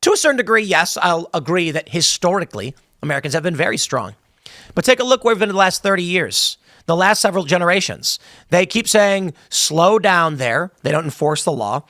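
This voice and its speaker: A man's voice: high-pitched, a bit bright, no echo, clean studio sound. A man giving opinionated political commentary, emphatic, often stumbling over and repeating words.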